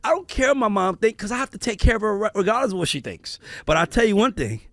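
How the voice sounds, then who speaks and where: A man hosting a casual family conversation, telling stories in an animated, profane way. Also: high voice, quick pace, no echo. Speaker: podcast host.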